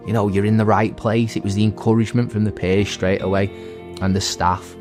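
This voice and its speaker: A man in his thirties, a veteran and recovery centre graduate, gives earnest personal testimony in a halting way with many restarts. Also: fairly low pitch, level tone, music in the background.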